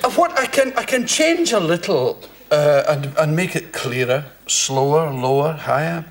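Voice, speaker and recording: A man's voice: fairly high pitch, lively intonation, unhurried. A Scottish man telling comic anecdotes as a talk show guest, often breaking into laughter mid-sentence. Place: TV studio with live audience. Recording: studio audience laughing.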